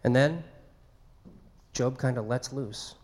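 A man's voice: mid-range voice, slow, darkish tone. A man preaching a sermon in a conversational way, acting out quoted speech. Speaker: pastor.

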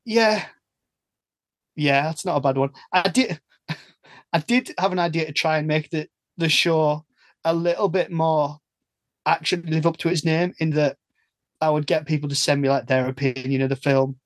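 A man's voice: a little high, fairly even intonation, normal speed, long pauses, no room sound. Chatty English man, bone-dry sound. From England. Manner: chatty, rambling, self-interrupting. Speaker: podcast host. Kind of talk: casual chat.

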